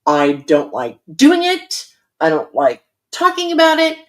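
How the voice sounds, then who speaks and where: A woman's voice: high voice, huge pitch swings, measured pace. Middle-aged woman just chatting casually to viewers about writing, candid and self-deprecating, lots of ums. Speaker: author hosting a writing livestream. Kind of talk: casual chat.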